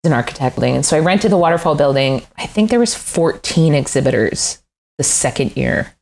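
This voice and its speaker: Candid, laughing woman with a lowish voice. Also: expressive, fairly quick, creaky, darkish tone. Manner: candid and self-deprecating, laughs often, swears. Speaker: furniture designer and woodworker. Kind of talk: casual interview chat.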